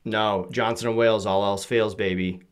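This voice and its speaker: A man's voice: lowish voice, steady tone, normal speed, smooth. A young man with a Boston accent, chatting casually and swearing freely. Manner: swears freely, laid-back banter. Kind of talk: casual chat.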